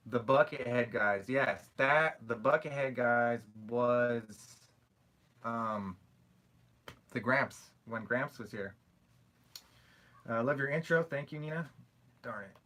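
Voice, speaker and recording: A young man hosts a casual live stream, answering viewer questions in a loose, rambling way and apologizing often. His voice has a bright, forceful edge at an ordinary middle pitch. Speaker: YouTube creator answering live chat questions.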